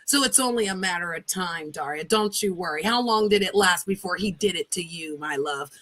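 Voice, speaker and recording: A woman hosting a livestream, chatting and gossiping in an animated, teasing way. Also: lowish voice, a little fast. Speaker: livestream host. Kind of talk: casual gossip chat. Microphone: livestream setup.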